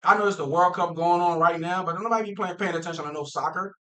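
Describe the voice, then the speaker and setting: A man from Minnesota hosting a casual football talk stream, animated and playful, laughing often and using slang. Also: sits high, quick pace, rough recording. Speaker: football talk show host. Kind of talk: casual livestream chat.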